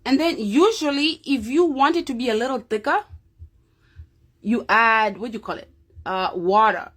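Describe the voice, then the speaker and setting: Presenting a craft demonstration, a woman talks casually and off the cuff to her viewers, using fillers and checking in with them often. Her voice is a little high and a bit bright, at a moderate pace.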